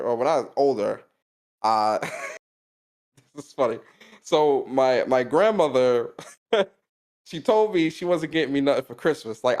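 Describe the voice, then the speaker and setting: A man's voice: medium pitch, darkish tone. A young man co-hosting a podcast, telling a personal story in casual slangy chat, laughing often. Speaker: podcast co-host.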